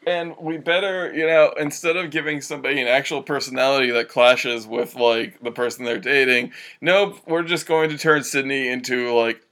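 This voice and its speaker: A man's voice: mid-range voice, fairly even intonation, normal speed, few pauses, bright, forceful tone. A man co-hosting a podcast, joking around with playful asides. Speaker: podcast co-host. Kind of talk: casual joking chat.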